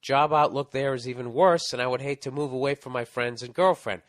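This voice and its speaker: A man's voice: medium pitch, fairly quick. A man hosting a comedy podcast, reading out a listener's letter and telling stories in a profane, ranting way. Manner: profane, ranting, animated storytelling. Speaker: podcast host.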